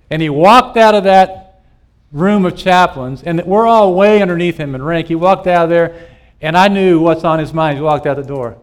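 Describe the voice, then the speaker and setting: A man's voice: on the high side, animated, moderate pace. A middle-aged man, a pastor, giving a conversational teaching talk to small group leaders at a live church meeting. He tells stories and puts rhetorical questions to his listeners. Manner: storytelling, with rhetorical questions to the audience.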